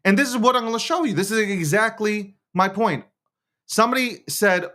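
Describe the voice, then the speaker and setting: A man's voice: sits high, moderate pace, bright, forceful tone. A man hosting a show, talking in a casual political rant, swearing, laughing often and restarting his words. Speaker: show host.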